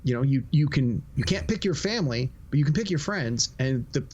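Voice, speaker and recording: A man's voice: medium pitch, expressive, brisk, a little mellow, highs cut off. A man co-hosting a movie review podcast, talking in a reflective, casual way and often repeating words as he thinks. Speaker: podcast co-host.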